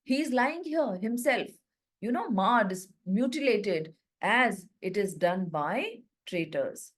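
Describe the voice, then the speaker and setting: A woman, a literature teacher who reads a line of the play slowly and then restates it in plain words. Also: mid-range voice, animated. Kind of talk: reading and explaining a play.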